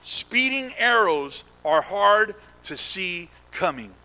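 A young adult male pastor preaching a sermon, calling out to the congregation and building to shouts. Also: sits high, big pitch swings, slow. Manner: call-and-response preaching, rising to shouts. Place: church sanctuary. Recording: echoey hall with long reverb.

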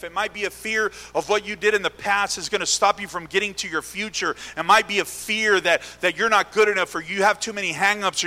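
A young adult male pastor preaching a sermon, calling out to the congregation and building to shouts. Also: high-pitched. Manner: call-and-response preaching, rising to shouts. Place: church sanctuary. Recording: echoey hall with long reverb.

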